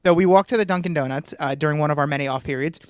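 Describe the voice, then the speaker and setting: A man's voice: fairly high pitch, very fast, clean tone, no room sound. A young man in his twenties, a podcast co-host, telling a story in casual chat and laughing often as he goes.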